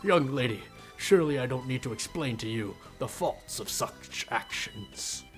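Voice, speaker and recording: A man's voice: mid-range voice, lively intonation, unhurried, over music, close to an everyday voice. A man voicing a pompous young male gamer who lectures and plays at being a moderator, reading game dialogue aloud. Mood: lecturing. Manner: self-righteous, lecturing.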